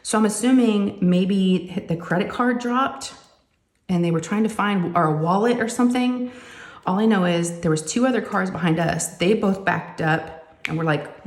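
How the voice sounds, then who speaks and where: A woman, chatting casually and telling animated family stories while she crafts at home. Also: mid-range voice, normal speed, echoey room. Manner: chatty, animated, says "y'all" often. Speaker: crafting vlogger and mother.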